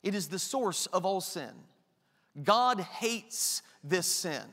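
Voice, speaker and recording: A man's voice: high-pitched, lively intonation, slow, fairly bright tone, long reverb tail. A man preaching a sermon as pastor, emphatic and repetitive, full of rhetorical questions.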